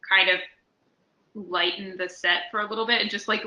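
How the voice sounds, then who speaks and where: Bright-voiced woman in an echoey room. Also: mid-range voice, normal speed. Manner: animated, playful storytelling. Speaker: podcast co-host. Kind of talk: casual podcast chat.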